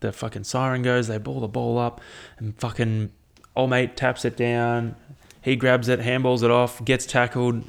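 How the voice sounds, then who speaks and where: A man's voice: mid-range voice, level tone, unhurried, gravelly, clean tone. A young Australian man hosting a solo podcast, rambling and swearing often, sounding tired. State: tired, yawning. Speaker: podcast host. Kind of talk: casual solo podcast chat.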